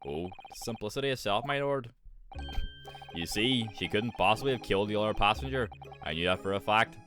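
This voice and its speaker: A man voicing a calm, courteous Irish gentleman while reading game dialogue aloud. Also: lowish voice, a little fast, soft background music, lightly acted.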